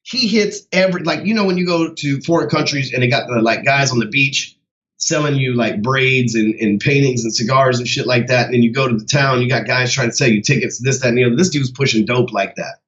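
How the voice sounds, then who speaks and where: A man's voice: medium pitch, a little fast, a bit bright, highs cut off. A man who coaches sales, giving a casual motivational talk in a blunt, heavily profane way.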